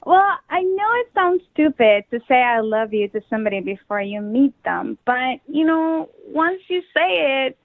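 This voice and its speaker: A woman calling in to a radio show, telling a dating story, animated and exasperated. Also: high voice, normal speed, gravelly, hardly any pauses, no room sound. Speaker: caller. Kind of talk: phone call to a radio show. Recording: tinny dry phone line.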